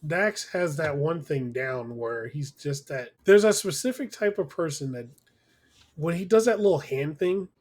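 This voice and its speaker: A man's voice: a little high, expressive, measured pace. A man co-hosting a podcast, chatting casually and bluntly, swearing freely and laughing often. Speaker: podcast co-host. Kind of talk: casual chat.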